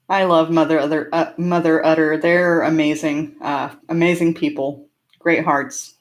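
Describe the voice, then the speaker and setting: A low-voiced woman from California, whose speech carries a slight rural American twang, hosts a homesteading channel's casual live-stream Q&A. She answers chat in a chatty, upbeat way, laughing often between remarks.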